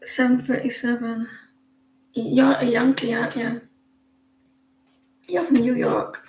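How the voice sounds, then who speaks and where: A woman's voice: fairly high pitch, flat delivery, slow, a little mellow, echoey room, a little hiss or hum, low-quality recording. A woman hosting a live tarot stream, chatting with viewers in a rambling way and often restarting her sentences.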